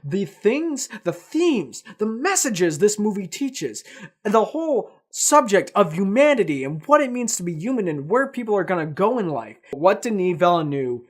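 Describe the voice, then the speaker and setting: High-voiced enthusiastic male film reviewer. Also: big pitch swings, moderate pace. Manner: emphatic, enthusiastic, piles up superlatives. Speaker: film reviewer co-hosting a countdown. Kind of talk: casual film talk.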